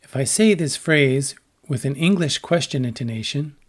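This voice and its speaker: A man giving a scripted educational narration about language, speaking in a measured, explanatory way and voicing short example sentences. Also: medium pitch, animated. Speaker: lecturer on translation.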